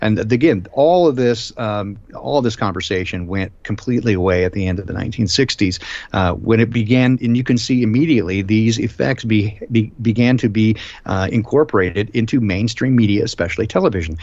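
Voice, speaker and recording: A man hosting a live stream discussion, talking in a rambling, emphatic way with many filler pauses. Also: on the low side, a little mellow, dry recording. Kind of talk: casual discussion. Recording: dull lo-fi stream audio.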